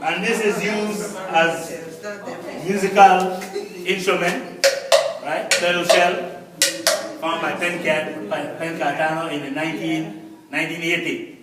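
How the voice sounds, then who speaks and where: A man teaching a class, patiently explaining objects and repeating words slowly for his students. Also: a little high, fairly even intonation, very noisy. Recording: echoey room, mic far off. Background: class chatter.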